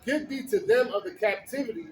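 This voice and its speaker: A man reading old-style scripture verses aloud outdoors, slowly, sometimes stumbling on words. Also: extremely high pitch, slight background noise, low-quality recording. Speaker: scripture reader.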